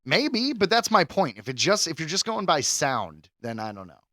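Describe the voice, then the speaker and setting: A man co-hosting a podcast in casual chat, animated and rambling, with crude jokes. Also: on the high side, normal speed, no echo. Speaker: podcast co-host.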